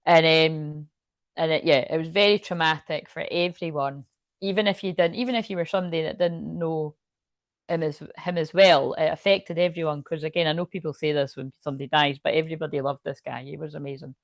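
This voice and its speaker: With a deep, steady voice and a brisk pace, a Scottish woman rambles through a chatty tarot reading to camera. She laughs often and swears freely; the recording has no echo.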